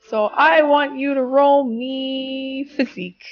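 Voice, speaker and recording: A woman's voice: high voice, unhurried, gravelly, hardly any pauses, dull audio. A woman running a tabletop game as game master, narrating scenes vividly.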